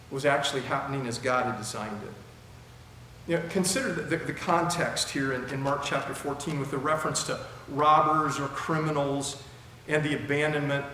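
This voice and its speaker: A man's voice: medium pitch, fairly bright tone. A male pastor preaching a sermon verse by verse, chatty and fond of rhetorical questions, in a large church hall. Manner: conversational, asks rhetorical questions. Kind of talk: expository sermon. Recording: very echoey hall, faint noise.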